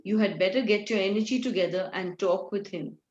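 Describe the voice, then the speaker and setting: A woman reading the lines of a calm, knowing female guide from a novel, over dull, roomy video call audio. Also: medium pitch, a little fast, lightly acted. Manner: plain reading of dialogue.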